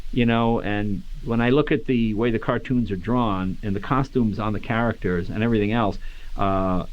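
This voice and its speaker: A man answering interview questions in a joking, self-deprecating way. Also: medium pitch. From New England. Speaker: voice actor interviewee. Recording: dull lo-fi recording.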